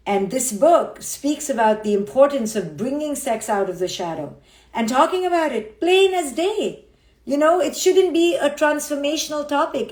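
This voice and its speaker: A woman's voice: on the high side, a little mellow. Blunt, emphatic middle-aged woman speaker. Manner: emphatic and blunt, keeps checking in with "okay?" and "right?". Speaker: psychologist and speaker. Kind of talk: frank motivational live-stream talk. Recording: roomy echo.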